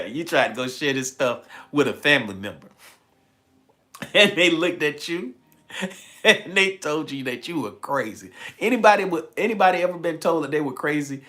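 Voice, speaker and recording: A man's voice: on the high side, lively intonation, bright, forceful tone. Southern man giving a motivational talk. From Southern United States. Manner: repeats key lines for emphasis, laughs often, stretches words slowly. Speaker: motivational spiritual speaker. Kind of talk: live-streamed motivational talk.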